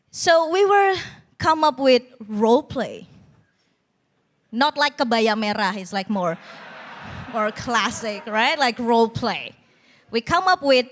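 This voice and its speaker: A young woman doing stand-up on a TV competition stage, her voice high and swinging widely in pitch. She takes her time over each line. Her delivery is bold and teasing, and she is quick to mock herself. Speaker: stand-up comedian. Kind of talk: stand-up comedy routine.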